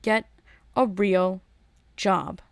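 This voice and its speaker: A woman's voice: medium pitch, steady tone, very slow, vocal fry. Woman host ranting solo, keeps restarting and repeating words, dry no-echo room. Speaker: podcast host. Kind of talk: casual solo rant.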